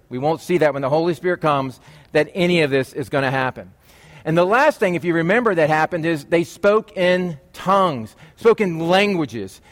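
Male pastor, conversational sermon, jokey asides, a touch high-pitched. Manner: chatty, jokey asides to the congregation.

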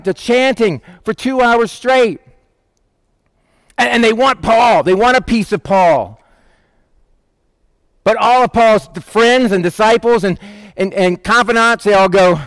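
A man preaching a sermon, telling a Bible story and acting out the quoted voices in a lively, casual way. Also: very high voice, a little slow, smooth, no echo. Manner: animated, acts out quoted voices. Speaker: pastor.

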